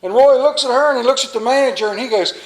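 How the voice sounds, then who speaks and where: A man's voice: extremely high pitch, rapid-fire, rough recording. A man preaching a sermon as a pastor, telling a folksy joke before reading scripture, with a Mid-Atlantic American accent. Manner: folksy storyteller, lively delivery of jokes. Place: church.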